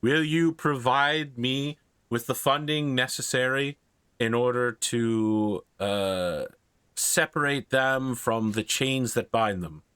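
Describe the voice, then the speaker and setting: A man's voice: medium pitch, takes it slowly, a bit bright, smooth, no room sound. A man voicing an earnest, pious male Irish priest with an Irish accent. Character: humble male Irish priest begging for alms.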